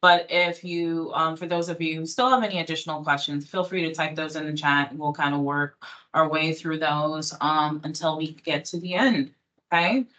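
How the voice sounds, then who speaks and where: A woman with a very low voice moderates a webinar. She gives friendly, practical notes to attendees and reads out their questions. She is heard through a video call. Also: fairly even intonation, moderate pace, fairly bright tone, rough recording.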